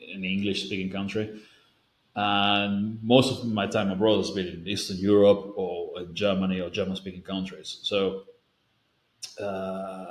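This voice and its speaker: A man from Spain chats to camera in answer to a viewer question. His voice sits on the low side and echoes around the room. He rambles and restarts sentences often. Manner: rambling, self-correcting, with frequent fillers. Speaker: language-learning video creator. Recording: roomy echo.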